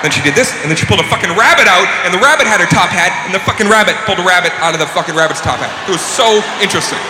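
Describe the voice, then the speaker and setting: Man, stand-up comedian, crude and excitable, roomy hall sound. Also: high voice. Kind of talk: stand-up routine. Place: comedy club stage. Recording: echoey club with crowd noise.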